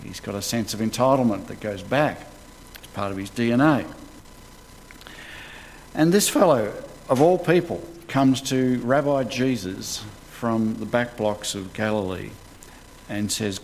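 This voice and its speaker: A man preaching a conversational sermon, retelling scripture as a lively story in colloquial words. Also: medium pitch, measured pace, vocal fry. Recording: long hall reverb, faint background noise.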